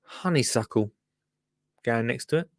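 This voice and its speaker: A man hosting a casual livestream, chatting and joking as he reacts to a gardening show. He often restarts his sentences and coos at his plants in a high, sing-song voice. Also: unhurried, very noisy. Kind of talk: casual chat.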